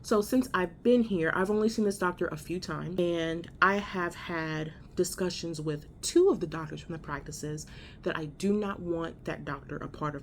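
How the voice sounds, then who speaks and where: A woman's voice: deep voice, slight background noise. A woman telling a story in a casual vlog from a hospital room, blunt and profane, exasperated as she recounts it. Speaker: vlogger.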